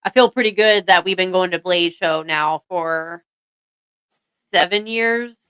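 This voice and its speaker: A woman's voice: on the low side, measured pace, fairly bright tone, smooth, low-quality recording. A woman co-hosting a casual chat show, chatty and self-deprecating. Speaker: podcast co-host.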